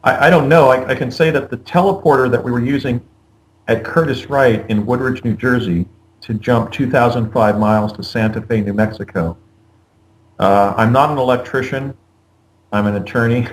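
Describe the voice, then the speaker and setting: A man answering a question as a guest on a call-in show, in a measured, explanatory way. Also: mid-range voice, steady tone, poor audio. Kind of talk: casual call-in talk.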